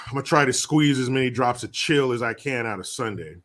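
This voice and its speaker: A man's voice: mid-range voice, a little fast, fairly bright tone. A man hosting a livestream, reading out viewer messages and chatting loosely with lots of swearing and jokes. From United States. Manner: loose, swearing, jokey, slips into put-on voices. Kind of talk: casual profane livestream chat.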